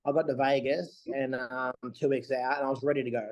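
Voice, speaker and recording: A man co-hosting a casual podcast chat, an animated storyteller who acts out what people said. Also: medium pitch, brisk, highs cut off. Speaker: bodybuilder and podcast co-host.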